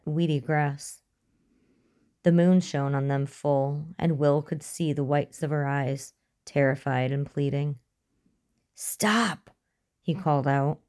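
A woman narrating a suspense story in a measured, storytelling manner. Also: low voice, warm tone. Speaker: audiobook narrator. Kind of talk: scripted narration.

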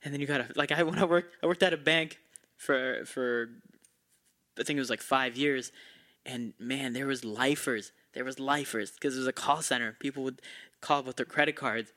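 A young man hosting a casual comedy podcast. He tells stories in a lively way, laughs often and acts out the people he quotes. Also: medium pitch, moderate pace. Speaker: podcast host.

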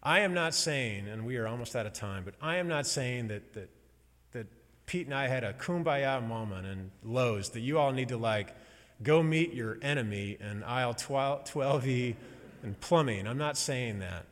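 A man giving a personal sermon in a slow, halting, emotional storytelling way, pausing often. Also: mid-range voice, animated. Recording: long hall reverb.

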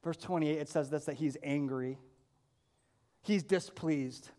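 A man's voice: on the high side, measured pace, warm tone, long reverb tail. A male pastor preaching a sermon, earnest and emphatic, pressing his point with repeated questions.

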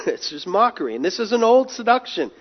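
A man's voice: high voice, sing-song, brisk. A man preaching a sermon in an earnest, emphatic way, often repeating and restarting words. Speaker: pastor. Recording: dull lo-fi sound.

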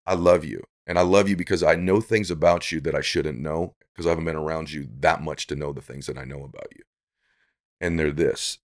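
A man's voice: very deep voice, fairly even intonation, fairly quick. A middle-aged man speaking as a podcast guest, giving earnest, preachy motivational talk that builds to emphatic peaks.

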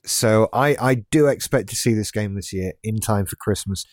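A man's voice: lowish voice, normal speed, no echo, studio quality. A man in his late thirties co-hosting a podcast, chatting casually in a laid-back, rambling way with restarts and wry asides. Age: late 30s. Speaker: podcast co-host. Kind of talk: casual chat.

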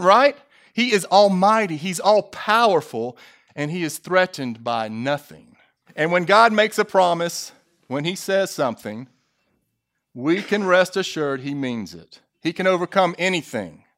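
A man preaching a sermon, stressing key phrases slowly and putting questions to the congregation, with jokey asides. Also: high-pitched, sing-song, fairly bright tone. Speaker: pastor.

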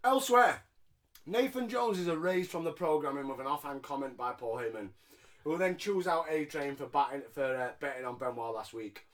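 A man's voice: a little high, moderate pace, a bit bright. A man co-hosting a podcast, recapping wrestling in a sarcastic, jokey, swearing way. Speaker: podcast co-host. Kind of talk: casual wrestling recap chat.

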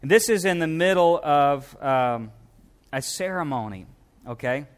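A middle-aged man from Louisiana preaching a sermon in a fairly high voice. He talks animatedly to his congregation and sinks low and hushed when quoting scripture. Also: a little slow. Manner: animated preaching, dropping low and soft for quoted words of Jesus. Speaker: pastor.

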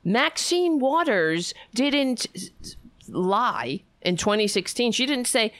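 A woman pours out angry, profane commentary as she reacts to a political clip, throwing sarcastic jabs between her points. Her pitch leaps high and drops low as she vents. The sound is close and dry, with no room echo. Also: big pitch swings, measured pace, fairly bright tone. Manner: furious, swearing, sarcastic asides.

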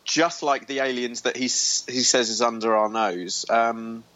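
A man's voice: mid-range voice, fairly even intonation, measured pace, a bit bright. Give me a man co-hosting a casual podcast, joking and hesitant, on slightly muffled audio. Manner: chatty, joking, hesitant with ums. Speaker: podcast co-host. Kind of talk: casual chat. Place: hotel room.

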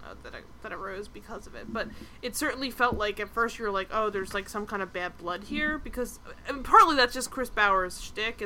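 A woman co-hosting a casual TV review podcast, chatty and animated, full of "like" fillers. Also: mid-range voice, slight background noise. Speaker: podcast co-host.

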